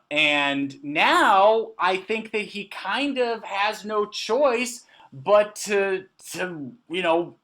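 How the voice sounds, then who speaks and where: A man's voice: high-pitched, fairly bright tone. A man co-hosting a casual podcast, trading teasing jokes with his partner. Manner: joking, teasing banter. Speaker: podcast co-host. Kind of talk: casual chat.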